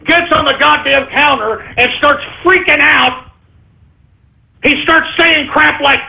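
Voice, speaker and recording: A man hosting a talk radio show, ranting angrily with shouting and profanity. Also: extremely high pitch, takes it slowly, gravelly. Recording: tinny phone-like lo-fi.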